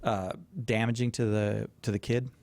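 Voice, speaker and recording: A man's voice: on the low side, little pitch movement, moderate pace, vocal fry, a little mellow, no echo. A man hosting a live call-in radio show, talking with frequent hesitations and restarts. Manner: hesitant, with many fillers and restarts. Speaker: radio talk show host. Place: radio studio.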